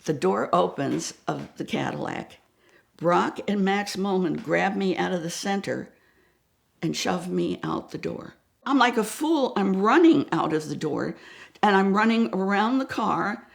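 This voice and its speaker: An older woman from the New York area, a guest telling an animated anecdote and acting out the voices. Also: medium pitch, unhurried, gravelly. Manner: dramatic, acts out voices, drops to whispers. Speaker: guest storyteller.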